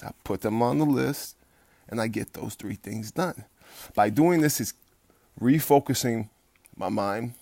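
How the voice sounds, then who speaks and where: A man coaching fitness gives a late-night pep talk at home in a rough, gravelly voice of medium pitch. He rambles bluntly with plenty of profanity and restarts, turning loud and heated during rants, all captured dry and close with no room sound.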